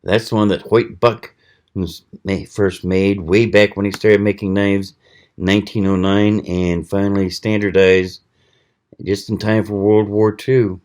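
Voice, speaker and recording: Slow-talking low-voiced man. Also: level tone, darkish tone. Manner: slow, rambling, with many pauses and fillers. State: hiccuping. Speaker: channel host. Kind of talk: casual knife review vlog.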